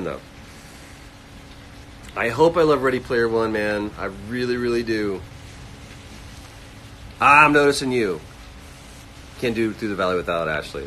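A man hosting a casual livestream, reading fan comments aloud and answering them quickly. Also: on the low side, a bit bright, a little hiss or hum, low-quality recording. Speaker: livestream host answering chat. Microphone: phone livestream.

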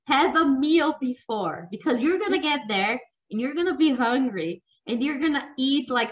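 A young adult woman hosting as a health coach, calm and encouraging in casual talk, laughing easily. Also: fairly high pitch, rough recording. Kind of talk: casual interview chat.

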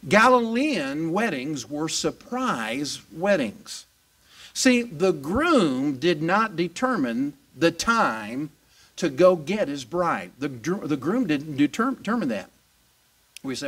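A male pastor preaching a sermon in an animated, emphatic way, questioning and answering his congregation. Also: on the high side, slow pace. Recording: voice distant from the mic.

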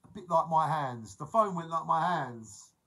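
A man's voice: a little high, expressive, moderate pace, sharp tone, poor audio. A man, chatting casually and jokily on his live stream and greeting viewers by name. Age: 40s. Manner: chatty, jokey, reads out viewer names.

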